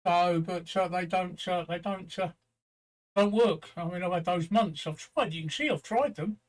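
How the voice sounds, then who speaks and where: A man's voice: high-pitched, moderate pace. An older man hosting a casual livestream chat from home. He talks bluntly with crude humour and many fillers. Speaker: host.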